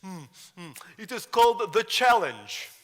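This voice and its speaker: Man putting on a young boy with a heavy russian accent, halting, stiff formal english, hall echo. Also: high-pitched, lively intonation, a bit bright, pitched above the performer's own voice. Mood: earnest. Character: young immigrant boy reading his own story. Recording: lecture hall reverb.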